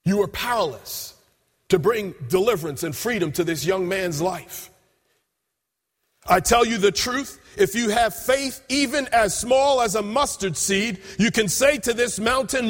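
Man, sermon, high husky voice, emphatic scripture storytelling, long hall reverb. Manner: emphatic storytelling preacher, quoting scripture with drawn-out pauses. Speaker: preacher.

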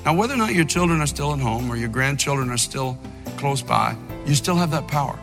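A man's voice: lively intonation, fairly quick. Fervent older male preacher in a reverberant hall. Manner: fervent preaching, by turns shouting and dropping low, with storytelling asides. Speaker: pastor. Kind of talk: impassioned sermon. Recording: long reverb of a big hall, faint music.

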